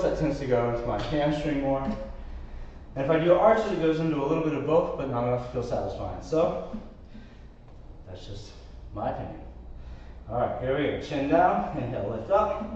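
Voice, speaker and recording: A man with a medium-pitched, darkish voice and lively intonation talks at a moderate pace while teaching Pilates live in a warm studio. He does the exercises too, counting reps, coaching, and sometimes running out of breath. There's slight background noise, and the mic sounds distant, echoey and a little muffled.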